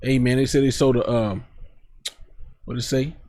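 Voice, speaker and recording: A man's voice: medium pitch, steady tone, moderate pace, dark tone, dry recording. A man teaching from scripture, reading verses aloud and then explaining them in casual, blunt street talk. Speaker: preacher.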